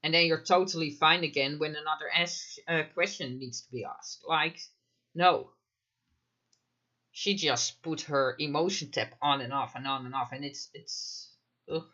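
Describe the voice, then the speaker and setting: A man's voice: fairly high pitch, a little slow, sharp tone, muffled recording. A man commenting live in a casual chat, emphatic, firing off rhetorical questions and frequent fillers. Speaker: mental health commentator.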